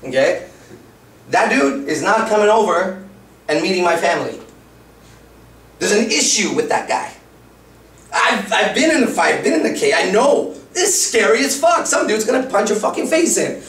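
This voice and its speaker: A man's voice: high voice, very animated, moderate pace, long pauses, a bit bright. A man in his thirties, a dating coach giving a live lecture in a blunt, profane, conversational way. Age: 30s. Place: lecture room. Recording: roomy, far from the mic.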